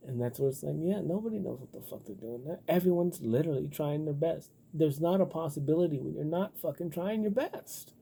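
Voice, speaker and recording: Very dark, husky-voiced man rambling. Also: on the high side, fairly quick, hardly any pauses. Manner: profane, loose and rambling, heavy on filler words; animated when riled up. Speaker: vlogger. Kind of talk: rambling casual monologue.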